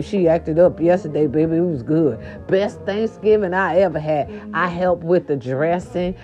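A woman vlogger telling a chatty story to her viewers, animated and sassy, calling them "baby". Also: fairly low pitch. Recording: dull lo-fi sound with faint music behind. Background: faint music.

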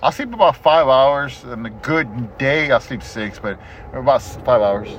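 A middle-aged man hosting a casual podcast chat, telling stories in an animated, profane way. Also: medium pitch, unhurried, slight background noise. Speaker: podcast host. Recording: dull lo-fi podcast audio.

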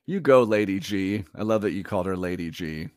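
A man's voice: low-pitched, lively intonation, brisk, a little mellow, no echo, studio quality. A man co-hosting a podcast in casual chat, chatty and rambling, often laughing. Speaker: podcast co-host.

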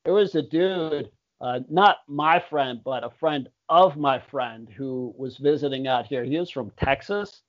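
A man's voice: medium pitch, a little slow, few pauses. A young man chatting casually on a podcast, laid-back and swearing a lot. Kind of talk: casual chat. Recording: dull lo-fi audio.

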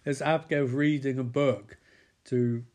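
A man's voice: medium pitch, fairly even intonation, measured pace, a little mellow. A man giving a sweary, rambling comedic recap of a TV episode, mocking the characters in put-on voices.

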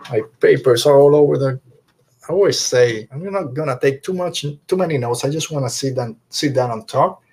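A man co-hosting a podcast, talking casually and enthusiastically, rambling and slipping into quick impressions of characters. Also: medium pitch, a little mellow, slightly rough. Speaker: podcast co-host. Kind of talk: casual fan review chat.

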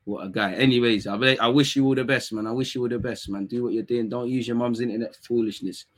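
A young man, chatting casually on a live stream, reading comments and teasing his chat in quick, slangy talk. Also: medium pitch, fairly even intonation. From England.

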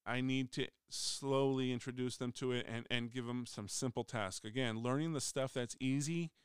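A middle-aged man talks through a story from his workplace in a loose, rambling way, often stopping to restart his sentences. His voice is very smooth and clear. The sound is dry and close, with no room around it. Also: mid-range voice, steady tone, normal speed, no room sound. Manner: rambling, frequent restarts, acts out quoted voices. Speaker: union steward. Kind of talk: casual storytelling monologue. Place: voice message recording.

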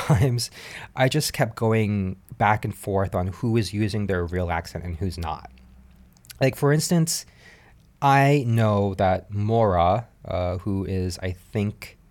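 Casual podcast host, male, lower voice, chatty with lots of fillers and laughs. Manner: chatty, animated, laughs often, frequent fillers. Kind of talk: casual recap commentary. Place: home apartment.

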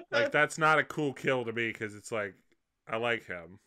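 Bright-voiced rambling man. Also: medium pitch, animated, measured pace. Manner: rambling, hedges and restarts often. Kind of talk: casual film discussion.

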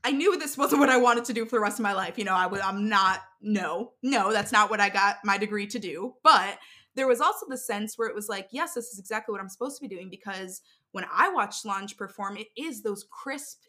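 A young adult woman telling stories in a casual interview, talking in an animated way with lots of fillers and restarts. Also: medium pitch, moderate pace.

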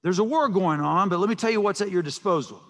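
Speaking fast in a high, fairly bright voice, a pastor delivers an emphatic sermon, repeating words whenever he launches a new thought. The church sanctuary recording carries the long reverb of a large hall.

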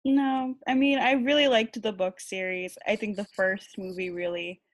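Woman podcast guest, mid pitch, brief agreeable chat. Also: steady tone, normal speed. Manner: agreeable, short affirming replies. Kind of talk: casual chat.

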